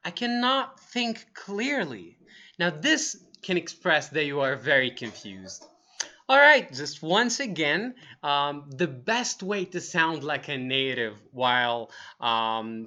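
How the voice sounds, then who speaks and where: A young man teaching English phrases for feelings in an upbeat way, repeating each phrase slowly and acting the emotion out. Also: a little high, bright, forceful tone. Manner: upbeat, acts out each feeling in slow demonstrations. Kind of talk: lively language lesson. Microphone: wearing earphones on camera.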